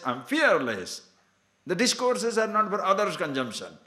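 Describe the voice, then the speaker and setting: A man's voice: mid-range voice, very animated, brisk, sharp tone, reverberant. A man giving a scripture discourse to a class as a spiritual teacher, emphatic and full of rhetorical questions.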